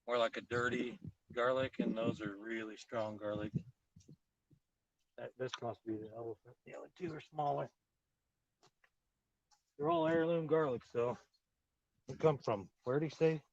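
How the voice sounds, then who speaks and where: With a mid-range voice, fairly even intonation and normal speed, the man leaves long pauses, and the audio sounds dull. He hosts a garden channel and is giving viewers a relaxed outdoor tour on a live stream, rambling in a friendly, plain manner. His phone or camera sits on a tripod at first, then is held while he walks.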